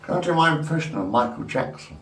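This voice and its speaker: A man's voice: a little high, animated, fast, background noise. A man in his fifties rambling crudely and repetitively to a camera at home. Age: 50s. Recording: echoey room.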